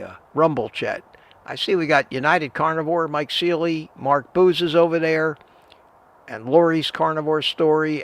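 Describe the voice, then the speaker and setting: A man's voice: a little high, a bit bright. An older man hosting a live stream, chatting casually, giving advice and greeting viewers by name. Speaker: livestream host answering viewer chat.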